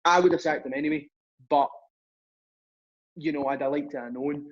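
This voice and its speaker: A man's voice: on the high side, steady tone, normal speed. Chatty young man, muffled recording. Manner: chatty, rambling, acts out dialogue. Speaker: podcast guest. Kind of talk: casual storytelling.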